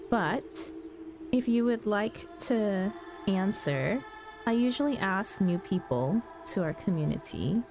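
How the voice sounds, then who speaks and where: A woman streamer, not a native English speaker, chatting in a friendly way with viewers and often clearing her throat. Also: medium pitch. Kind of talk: casual chat with viewers. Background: background music.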